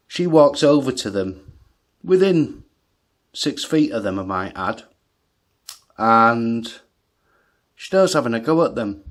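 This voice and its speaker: Ranting man, swears and laughs. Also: mid-range voice. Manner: agitated, swears heavily, laughs at himself. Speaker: vlogger. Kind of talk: ranting monologue story.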